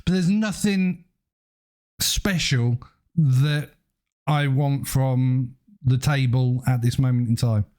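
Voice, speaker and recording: A man's voice: mid-range voice, slow pace, darkish tone. A man playing in a tabletop game, joking around and describing his character's actions in a playful way. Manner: jokey, playful, describes actions in first person. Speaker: player. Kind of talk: casual tabletop play.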